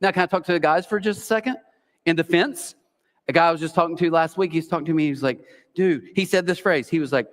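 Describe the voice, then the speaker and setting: A man's voice: on the high side, quick pace, a bit bright. A man in his forties, a pastor giving a conversational sermon full of personal stories, rambling casually and saying "like" and "literally" a lot. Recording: long reverb of a church hall.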